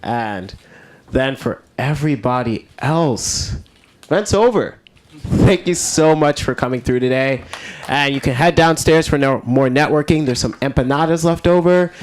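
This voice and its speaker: A man at a mid pitch, speaking as the event emcee. He makes the closing announcements in a relaxed, casual and friendly way.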